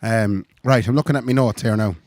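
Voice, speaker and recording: A man's voice: lowish voice, brisk, a little mellow, no room sound. An Irish man co-hosting a podcast, casual chat, telling stories animatedly and laughing often. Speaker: podcast co-host.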